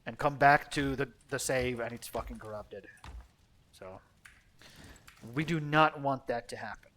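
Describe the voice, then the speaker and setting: Man, bright and blunt. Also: medium pitch, unhurried. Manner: rambling, profane, blunt. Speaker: game streamer. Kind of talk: casual gameplay chat.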